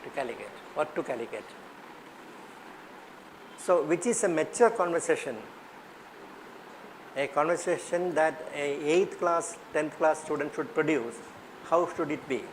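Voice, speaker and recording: A man's voice: fairly high pitch, unhurried, slight background noise, rough recording. A man with an Indian English accent leading a teacher workshop, questioning the class and repeating his points. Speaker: teacher trainer.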